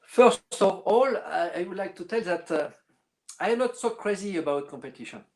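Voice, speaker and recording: A middle-aged man, a clarinetist guest speaking in a casual interview and often pausing to search for words. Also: high-pitched, animated, a little mellow. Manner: halting, searching for words with many fillers.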